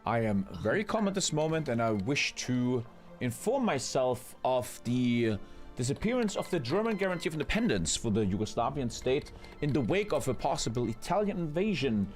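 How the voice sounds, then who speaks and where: Man playing a pushy, lively newspaper reporter. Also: mid-range voice, moderate pace, soft background music, pitched below the performer's own voice, lightly acted. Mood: mock formal. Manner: overly formal, pressing questions. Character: pushy excitable male newspaper journalist. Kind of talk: improvised role-play interview.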